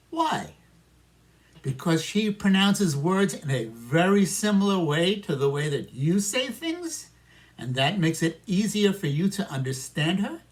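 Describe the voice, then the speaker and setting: A man with a New York accent teaching an English listening lesson, talking patiently to students and echoing their answers. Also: a little high. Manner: slow, patient, talks to imagined students and answers for them. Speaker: ESL teacher. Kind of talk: simulated classroom micro lesson.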